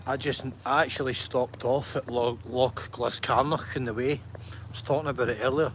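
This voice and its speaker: A man's voice: medium pitch, steady tone, normal speed, fairly bright tone, a little hiss or hum. A man vlogging to camera, chatty and enthusiastic, often checking in with "right?". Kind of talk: walking vlog talk to camera.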